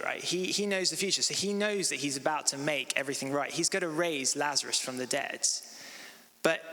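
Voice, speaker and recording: A bright-voiced man in his thirties preaching a sermon in a casual, conversational way, peppered with "like" and "um". His voice rings with the long reverb of a church hall. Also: fairly high pitch. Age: 30s. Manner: casual, filler-heavy with frequent "like" and "um".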